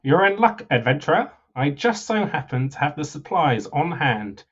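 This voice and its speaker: A man's voice: on the high side, sing-song, normal speed, husky, muffled recording, voice pushed up. A man voicing a scheming, sly male scimitar merchant, reading game dialogue aloud with hammy sales patter on a livestream.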